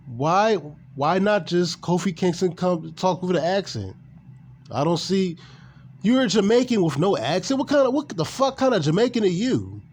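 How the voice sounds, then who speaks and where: Animated ranting man, fairly high voice. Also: normal speed, slightly rough. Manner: animated, ranting, swears, repeats himself. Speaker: gaming and wrestling commentator. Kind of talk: casual opinion rant.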